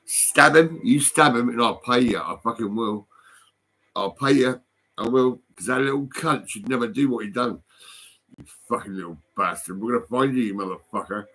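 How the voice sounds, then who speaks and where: A man's voice: medium pitch, moderate pace, a bit bright. An older British man with a British accent in an angry, rambling vlog rant, swearing, threatening and mocking someone, recorded on a phone. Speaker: vlogger.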